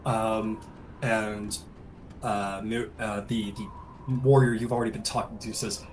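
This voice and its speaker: Low-voiced relaxed male game master. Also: unhurried, a little hiss or hum, rough recording. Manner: relaxed, many fillers and hedges. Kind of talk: narrating a tabletop game.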